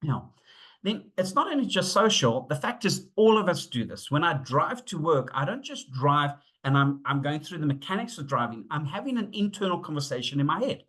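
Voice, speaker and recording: A middle-aged man presenting a webinar on safety, telling stories in an animated way, acting out the dialogue and using frequent fillers. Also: on the high side, normal speed. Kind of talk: storytelling talk.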